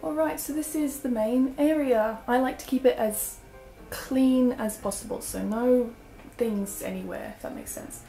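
A young female vlogger from Australia, whose accent drifts British, walks through her small apartment chatting casually, with giggles and fillers. Her voice is a little high, warm and gravelly, a bit slow but with few pauses. The echoey room carries faint background music.

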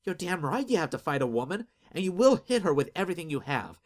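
A man's voice: animated, fairly quick, natural voice. A man voicing a devoted young woman healer who sounds anxious yet determined. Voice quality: anxious, determined, higher-pitched.

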